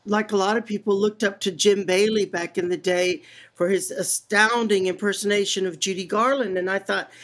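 A man's voice: sits high, fairly even intonation, moderate pace, a bit bright. A man from San Antonio, Texas, a celebrity impressionist, telling stories as an interview guest in a breezy, self-mocking way. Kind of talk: casual interview chat.

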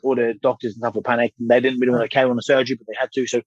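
Male guest in his 30s, husky voice, candid storyteller who swears, dull dry recording. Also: medium pitch, little pitch movement, racing, dry recording. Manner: candid, swears freely, rambling restarts. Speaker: guest, former boxer. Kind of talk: casual storytelling interview.

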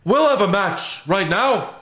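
Guy doing a yelling wrestler impression, way higher than his normal voice. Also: sing-song, measured pace, echoey room, heavily acted. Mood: shouty. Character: loud excitable male wrestler, mock impression.

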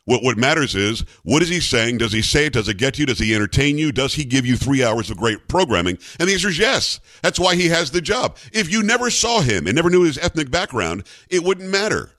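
A man hosting a political commentary show, talking in a sarcastic, animated way. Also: mid-range voice, fairly quick, few pauses, no room sound, studio quality. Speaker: talk show host.

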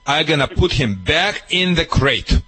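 A man working as a dog trainer who gives advice on call-in radio in broken, non-native English, lively and emphatic. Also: a little high, a little slow, rough recording.

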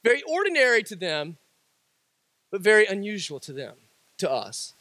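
A man preaching a sermon in a very high voice that swings widely up and down. He repeats each point for weight and builds to shouted lines. The sound is dry and close, with no room around it. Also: wildly swooping pitch, normal speed, no echo. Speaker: pastor.

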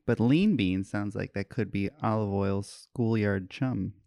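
A man's voice: on the low side, unhurried, vocal fry, dark tone, no echo, studio quality. A man on a trivia podcast musing aloud over guesses in casual chat.

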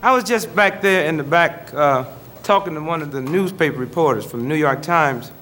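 A man doing a stand-up comedy set on a TV show, telling stories with deadpan punchlines before a live studio audience. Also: on the high side, a little fast, slight background noise.

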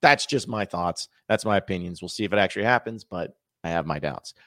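Rambling and chatty, a sports podcast host keeps correcting himself mid-thought. His deep voice is expressive and a little bright, moving fairly quickly, captured cleanly in a studio without echo.

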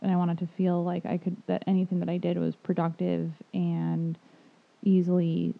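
Casual co-guest: gravelly low-voiced woman, hesitant, phone-line quality. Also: monotone, normal speed. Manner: hesitant, filler-heavy, blunt asides. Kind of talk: casual chat.

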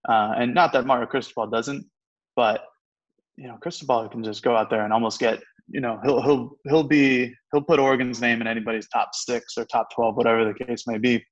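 A man's voice: medium pitch, steady tone, brisk, highs cut off. A young man in his twenties, co-hosting a casual sports talk, easygoing and hesitant with many fillers. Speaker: co-host.

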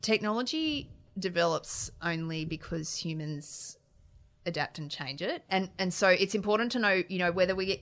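A woman's voice: on the low side, lively intonation, moderate pace, fairly bright tone. An Australian woman politician answering interview questions in an earnest, frank way, often restarting her phrases. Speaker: politician, shadow minister.

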